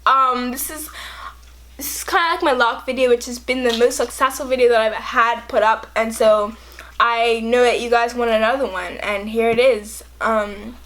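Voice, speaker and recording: A young woman vlogger telling a personal story in an emotional, animated way with many fillers. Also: a little high, normal speed. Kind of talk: story time vlog.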